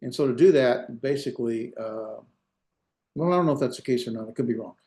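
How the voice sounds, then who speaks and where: A middle-aged Hebrew instructor with a warm tone teaches a grammar class at an ordinary pitch. He often stops to correct himself and fill pauses, sounding hesitant and self-deprecating, and the room echo is noticeable.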